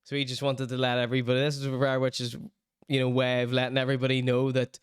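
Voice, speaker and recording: A man's voice: mid-range voice, completely flat delivery, fast, clear, resonant tone, dry recording, clean studio sound. A man hosting a podcast, chatting casually and laughing often while he comments on clips. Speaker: podcast host.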